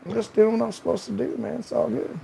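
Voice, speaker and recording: An older Southern politician with a lazy, folksy drawl, as a man puts him on for a comic article reading. The voice sits high and has a gravelly edge. The studio has a faint hum behind it. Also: huge pitch swings, normal speed, darkish tone, exaggerated voice, low-quality recording. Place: home studio.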